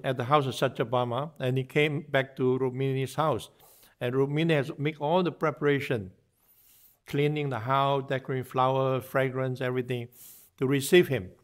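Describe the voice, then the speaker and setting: Man telling devotional stories in a class. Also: medium pitch. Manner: narrates with acted-out dialogue, frequent fillers and restarts. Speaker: guest speaker giving a morning class. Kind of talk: devotional storytelling lecture.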